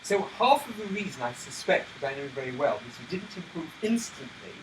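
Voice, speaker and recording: A man who teaches violin, talking about his student with animated delivery and loud sung rhythms. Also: fairly high pitch, fast talker, recorded from a distance, very noisy. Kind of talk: lesson conversation. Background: violin playing.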